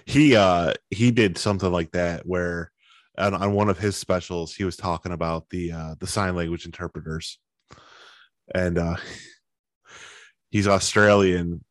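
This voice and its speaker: A man's voice: low voice, measured pace, no echo. A man in casual chat, animatedly retelling a comedian's bit with lots of swearing. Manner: animated retelling with crude language.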